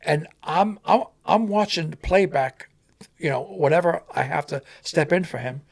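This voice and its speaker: A man, a stuntman guest, telling animated on-set stories and acting out the voices of the people in them. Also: on the high side, normal speed, gravelly. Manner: animated, acts out voices in anecdotes. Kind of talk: animated storytelling.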